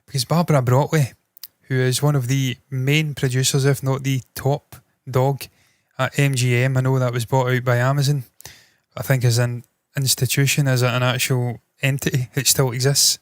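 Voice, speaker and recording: A man's voice: medium pitch, little pitch movement, moderate pace, no room sound, studio quality. A man hosting entertainment news, giving blunt, opinionated commentary with frequent swearing.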